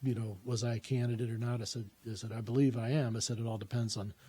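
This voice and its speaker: Mellow-voiced man telling a rambling story. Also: mid-range voice, steady tone, fast talker, slightly rough. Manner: rambling, many fillers and restarts. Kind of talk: personal anecdote, casual storytelling.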